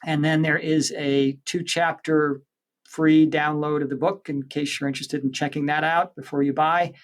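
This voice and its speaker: A man's voice: on the high side, little pitch movement, moderate pace. A man who is an author and spiritual counselor, giving interview answers with earnest, preachy conviction.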